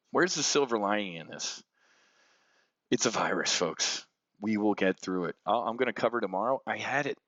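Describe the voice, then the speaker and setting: A man with a low voice delivers an unscripted market rant, blunt and profane, swinging from angry outbursts to heavy, somber stretches. The sound is dull and lo-fi, recorded close in a dry room with no echo. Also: animated, normal speed, fairly bright tone. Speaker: options trading show host.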